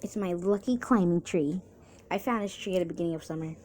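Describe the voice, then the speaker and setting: A woman's voice: fairly low pitch, a little fast, mellow, a little hiss or hum, close to an everyday voice. A woman voicing a bold, teasing camp girl who loves climbing trees, reading her lines in a fan story. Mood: cheerful. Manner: teasing, pushy.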